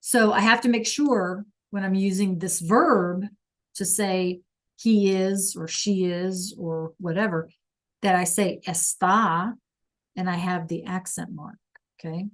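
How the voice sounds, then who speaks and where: A woman teaching a class over a video call, explaining slowly and patiently and checking in with "okay?" all the time. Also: mid-range voice, fairly even intonation. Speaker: Spanish teacher.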